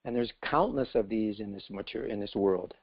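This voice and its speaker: A man's voice: lowish voice, moderate pace, creaky, breathy edge, lo-fi sound. A man voicing a wise male sparrow who patiently explains the wider world to a frog. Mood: explaining.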